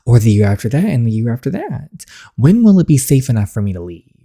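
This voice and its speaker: A woman voicing a frustrated, sharp-tongued teenage princess in a story game, reading the lines plainly. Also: very deep voice, very animated, fast, husky, no room sound, clean studio sound, full character voice. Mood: upset. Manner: reads the lines plainly while playing.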